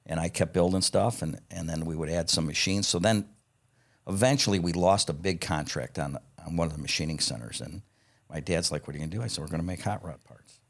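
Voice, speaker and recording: Man, 50s, very low voice, salty raconteur who chuckles as he tells stories. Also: fairly quick. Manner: profane, blunt, acts out quoted dialogue; chuckles between lines. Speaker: podcast guest, parts company founder. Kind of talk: casual anecdotal storytelling.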